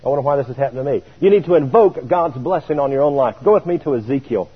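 A man preaching a sermon, telling a story in an animated way and chuckling now and then. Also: medium pitch, fast, husky. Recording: tinny radio broadcast.

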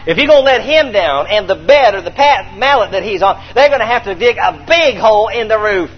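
Animated preacher man telling a story. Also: high-pitched, fairly quick, breathy edge, lo-fi sound. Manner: animated storytelling, acting out scenes, calls for response. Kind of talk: sermon.

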